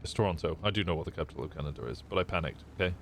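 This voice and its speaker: A man's voice: low voice, racing, gravelly, slight background noise. A young man from England with a Midlands accent, chatting casually and swearing with his stream viewers. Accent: Midlands English. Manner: chatty, swearing, stumbling over words.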